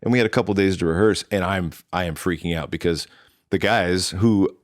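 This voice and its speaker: Casting note: low-voiced male drummer in his thirties, dry close sound, animated storytelling. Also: brisk, dry recording. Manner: animated, quotes himself and others in lively voices. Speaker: drummer, interview guest. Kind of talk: casual storytelling chat.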